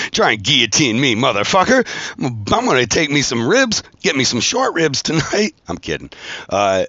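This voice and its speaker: A man's voice: medium pitch, fairly bright tone, no echo, lo-fi sound. A man hosting his own show, telling a rambling, profane story with frequent laughs. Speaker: podcast host, tattoo artist. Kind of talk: casual storytelling monologue.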